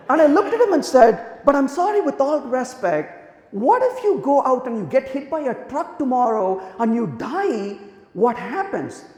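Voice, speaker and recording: A man giving a conference talk, telling lively anecdotes and acting out the dialogue in them. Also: very high-pitched, normal speed. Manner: animated storytelling, acts out quoted dialogue. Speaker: conference speaker. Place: large conference hall. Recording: echoey hall, long reverb.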